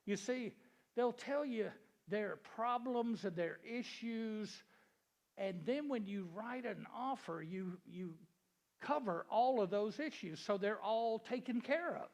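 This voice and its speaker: A man with a high, gravelly voice tells a seminar audience a joke, then turns it into a lesson. His manner is folksy and chatty, and he stops to ask the room questions. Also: expressive, slow pace, darkish tone. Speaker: real estate seminar speaker. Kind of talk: joke-telling seminar talk to a live audience.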